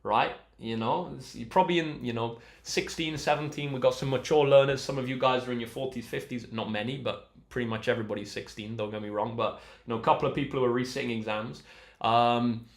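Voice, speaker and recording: A man's voice: mid-range voice, steady tone, brisk. Upbeat young man in a roomy echo. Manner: upbeat and encouraging, reads out chat messages. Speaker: maths tutor hosting a live stream. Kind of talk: casual live-stream chat with viewers.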